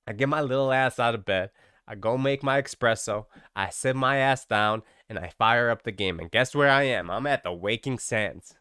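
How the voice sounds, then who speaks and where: Slangy, profane male gaming storyteller with a clear voice and a dry sound. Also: medium pitch, no room sound. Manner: animated, profane, slangy, exaggerating. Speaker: gaming video creator. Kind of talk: comic storytelling vlog.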